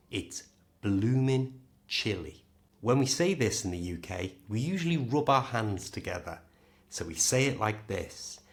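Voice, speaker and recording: A man with a British accent teaching a pronunciation lesson, modelling each word slowly and clearly. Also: lowish voice. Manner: slow, clear, modelling words for the learner. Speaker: English teacher.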